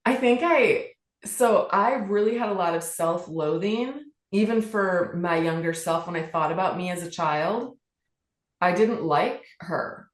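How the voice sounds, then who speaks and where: A woman's voice: fairly low pitch, a little slow. A middle-aged woman and author, telling personal stories as a podcast guest in an earnest, heartfelt way, often restarting her sentences. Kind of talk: candid personal storytelling. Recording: roomy echo.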